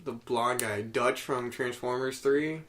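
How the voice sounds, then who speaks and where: A man's voice: mid-range voice, steady tone, a little slow, fairly bright tone, slight background noise. A man co-hosting a casual podcast chat, dropping wry, offhand remarks. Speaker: podcast co-host.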